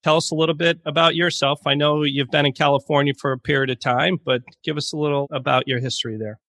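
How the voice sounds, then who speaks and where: A man's voice: a little high, fairly even intonation, fast, a bit bright, no room sound, studio quality. A man hosting a podcast interview, encouraging his guests and guiding the questions. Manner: encouraging, brief affirmations. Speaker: podcast host.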